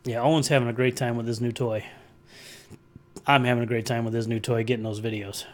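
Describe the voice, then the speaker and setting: A man's voice: medium pitch, little pitch movement, brisk. Rambling, chatty male livestream host. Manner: rambling, chatty, answers viewer comments aloud. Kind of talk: casual livestream chat.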